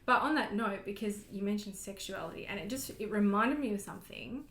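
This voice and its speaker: Woman podcast co-host, mid-pitched, outspoken and profane, roomy sound. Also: a little fast, fairly bright tone. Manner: blunt, indignant reactions, frequent swearing. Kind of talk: casual chat.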